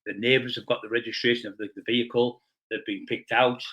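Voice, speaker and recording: A man as an interview guest, telling rough stories bluntly and swearing freely. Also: medium pitch, flat delivery, fast, pushed and bright, muffled recording. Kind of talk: blunt storytelling in a casual interview.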